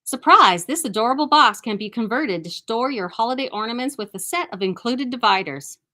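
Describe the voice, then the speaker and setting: A woman's voice: fairly high pitch, lively intonation, a little fast, sharp tone. Chatty, upbeat woman showing off quilt kits. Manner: chatty and enthusiastic, with frequent restarts. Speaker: quilt shop host. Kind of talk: casual live product showcase.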